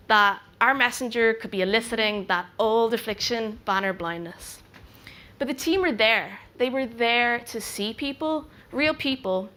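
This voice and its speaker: A young adult woman, a product researcher, giving a clear, measured conference talk with emphatic pauses. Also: mid-range voice, pushed and bright.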